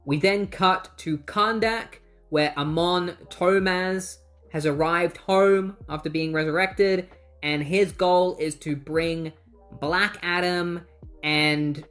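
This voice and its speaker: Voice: medium pitch, fairly bright tone. Breezy, wry comic book recapper. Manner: breezy, wry, swears casually, acts out quotes. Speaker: comic book retrospective host. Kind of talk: casual plot recap.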